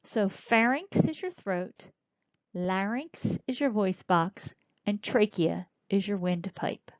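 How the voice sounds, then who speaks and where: A woman teaching a recorded lecture, explaining slowly and spelling out terms as she points. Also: mid-range voice, lively intonation, dry recording. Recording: dull lo-fi dry recording.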